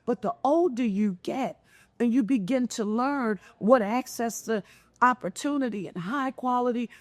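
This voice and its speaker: Animated middle-aged woman mayor. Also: fairly high pitch, measured pace, no echo. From Philadelphia, United States. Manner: animated, expressive storyteller with lively intonation. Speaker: mayor, panel guest. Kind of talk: conversational panel discussion.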